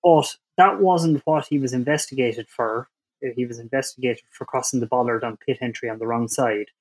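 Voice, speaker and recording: A man on a casual panel who lays out the details carefully and hesitates over his verdict. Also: medium pitch. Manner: measured, detail-focused, hesitant.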